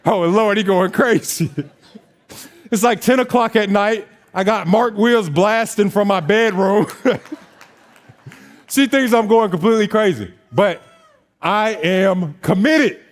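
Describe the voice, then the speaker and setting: A man in his twenties, a notary business owner giving a motivational talk on stage, telling his story in an animated way and acting out bits of dialogue. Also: high-pitched, slow, long pauses. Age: 20s.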